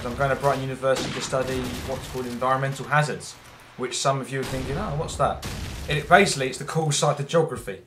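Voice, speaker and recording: A man's voice: medium pitch, background noise. A young man with an English accent, chatting casually and rambling while commentating his own gameplay. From England. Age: young adult. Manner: rambling, chatty, self-deprecating. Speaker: gamer giving commentary.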